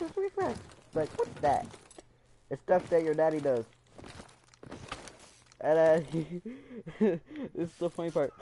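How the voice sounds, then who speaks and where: A man's voice: on the high side, expressive, unhurried, pauses often, mellow, slight background noise. Man rambling through a personal story. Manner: rambling, emotional storytelling with frequent fillers; acts out quoted voices. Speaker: vlogger. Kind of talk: casual storytime.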